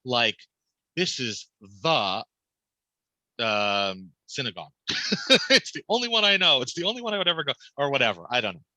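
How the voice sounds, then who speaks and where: Bright-voiced man teaching a class. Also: on the high side, sing-song, quick pace, dry recording, poor audio. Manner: explains prayer translations, asks the class questions. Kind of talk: casual teaching.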